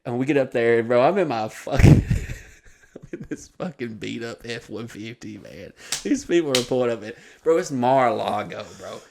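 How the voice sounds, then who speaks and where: A man's voice: medium pitch, moderate pace, creaky, slight background noise. A man telling a comic story on a podcast, swearing freely and acting out the voices of the people in it. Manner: profane, animated, acts out quoted voices.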